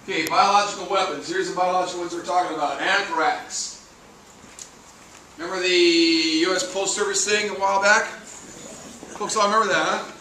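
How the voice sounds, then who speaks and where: A male firefighter teaches a classroom, chatty and anecdotal, checking in with the class. His voice is bright and a touch high. It is captured from across an echoey room, with faint noise under it. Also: fairly even intonation, moderate pace, pauses often, recorded from a distance. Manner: casual, chatty, tells anecdotes, asks the class questions. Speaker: firefighter instructor. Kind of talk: classroom training lecture. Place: training classroom.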